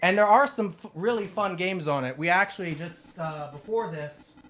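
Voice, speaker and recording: A man's voice: high voice, moderate pace, fairly bright tone. A man in his thirties, out of breath from exercise games, chatting casually with viewers as a retro game streamer. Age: 30s. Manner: chatty, laughing, swears at the game. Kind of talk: casual live stream chat.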